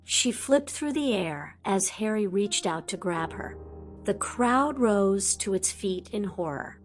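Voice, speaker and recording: A woman reading a fantasy audiobook aloud in a lively storytelling manner. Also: mid-range voice, slow, faint music behind. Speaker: audiobook narrator. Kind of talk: scripted audiobook narration.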